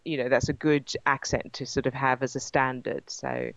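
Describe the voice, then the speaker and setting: A woman's voice: a bass voice, very animated, normal speed, gravelly, a bit bright, no room sound, muffled recording. English woman with received pronunciation. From England. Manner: hesitant, many ums and restarts. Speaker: actress and guest. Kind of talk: interview over a line.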